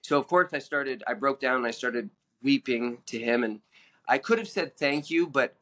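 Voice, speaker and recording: A man guest telling his own story in an earnest, halting way, with many fillers and restarts. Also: medium pitch, a bit bright. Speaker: podcast guest.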